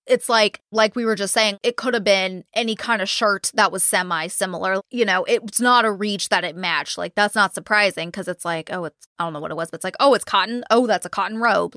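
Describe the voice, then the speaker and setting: A woman's voice: mid-range voice, pushed and bright, no echo. A woman co-hosting a podcast, talking in a blunt, exasperated way and swearing freely. Her voice sits in a middle register and sounds dry and close, with no room around it. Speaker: podcast co-host. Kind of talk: casual true-crime chat.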